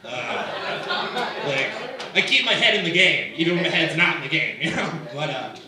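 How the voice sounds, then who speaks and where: A man's voice: a little high, animated, normal speed, very echoey, far from the mic, crowd noise. A young man performing a stand-up comedy set, conversational and self-mocking, filler words all through. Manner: conversational, self-mocking, lots of "like" and "you know". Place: small comedy venue with live audience.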